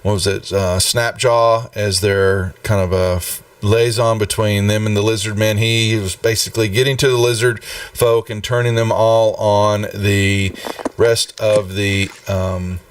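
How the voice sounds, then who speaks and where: A man's voice: lowish voice, flat delivery, unhurried, far from the mic, a little hiss or hum. A man running a tabletop game on a live stream, rambling with many fillers and restarts. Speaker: game master.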